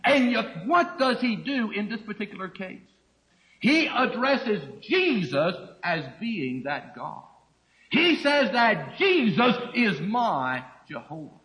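A man's voice: high voice, sing-song, slow, fairly bright tone, rough recording. A middle-aged man preaching a sermon, teaching through a Bible passage and acting out the quoted speech.

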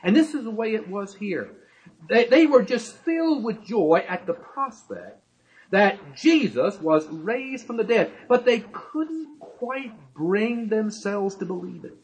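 A male preacher with a high voice that swings widely as he stresses each point. He keeps hammering the same words again and again and throws rhetorical questions at the congregation. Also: lively intonation, measured pace, slight background noise, rough recording. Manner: emphatic, repetitive, asks rhetorical questions. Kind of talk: sermon.

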